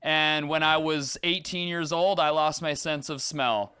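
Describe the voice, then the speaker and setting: A man voicing an awkward, deadpan male talent-show contestant in a slow, flat, low delivery. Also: clear, resonant tone, no room sound, clean studio sound.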